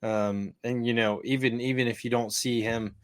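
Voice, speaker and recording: A man's voice: medium pitch, steady tone, normal speed. A man co-hosting a casual sports podcast, teasing and joking in an easygoing way. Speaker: podcast co-host.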